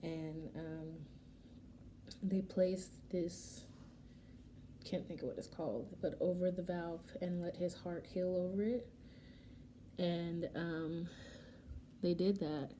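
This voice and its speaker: Young woman vlogger, warm low voice, emotional chatty storytelling, light background hiss. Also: takes it slowly, long pauses. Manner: emotional, animated retelling with quoted dialogue. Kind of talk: casual storytelling while doing makeup. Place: home, getting ready.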